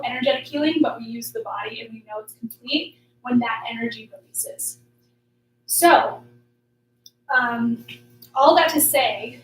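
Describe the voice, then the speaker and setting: In an echoey room, a woman with a slightly high voice speaks from far off the mic, casually running a small workshop group as a life coach, chatty and upbeat with plenty of fillers.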